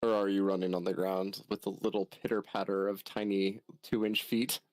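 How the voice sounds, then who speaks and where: A man's voice: low voice, level tone, moderate pace, no echo. A man playing a tabletop game, chatting casually, explaining rules and swearing now and then. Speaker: player.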